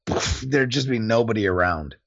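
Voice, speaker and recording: A man with a low, gravelly, husky voice tells a profane story in casual podcast talk, his pitch swinging up and down as he goes. The sound is dull and lo-fi, and the room is dry. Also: moderate pace. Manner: profane, animated storyteller, laughs often. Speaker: podcast co-host, Marine veteran. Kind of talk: casual chat.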